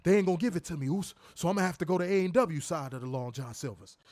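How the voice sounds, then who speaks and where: A man's voice: a little high, expressive, fast, background noise, natural voice. A man putting on an exaggerated, mocking impression of a swaggering male wrestler, drawling and over the top.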